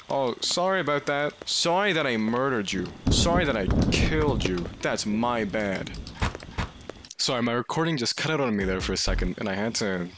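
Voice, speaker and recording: A man giving casual let's play commentary, chatting to game characters and yelping and shouting when something startles him. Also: mid-range voice, very noisy. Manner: excitable, yelps and shouts at scares. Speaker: gaming video creator.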